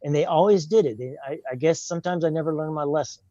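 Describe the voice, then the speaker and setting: An older man with a drawl tells his testimony in a plain, earnest way, often acting out his own past words. His voice is low and mellow, and the recording sounds dry and a little dull. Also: fast, dry recording. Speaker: guest telling his testimony. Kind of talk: personal testimony, casual storytelling.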